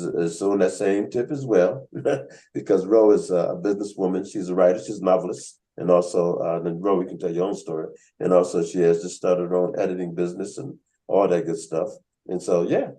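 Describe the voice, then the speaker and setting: Over a video call, a writers' workshop host with a low voice tells casual stories a little fast. He's animated, voicing the people he quotes. The audio is poor.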